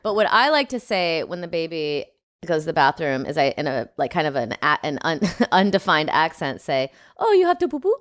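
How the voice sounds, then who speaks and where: A woman's voice: deep voice, animated, normal speed, fairly bright tone, no room sound, clean studio sound. Wry woman co-hosting a podcast. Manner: wry, frank, laughing easily. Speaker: podcast co-host. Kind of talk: casual comedic chat.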